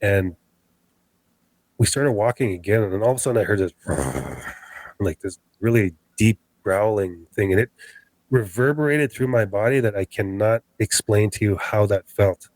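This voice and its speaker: A low-voiced Canadian man, a podcast guest, tells an animated first-hand story of a scary night outdoors, acting out every quoted line. He speaks at a moderate pace, and the poor-quality audio is dry and close with no echo or room sound.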